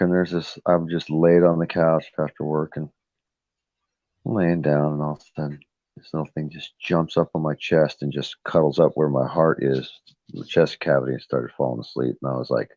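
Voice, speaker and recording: A man's voice: extremely low pitch, steady tone, moderate pace, a little mellow, dry recording. A middle-aged man chatting on a livestream panel, telling rambling family stories and acting out what people said. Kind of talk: casual chat. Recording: dull dry lo-fi livestream audio.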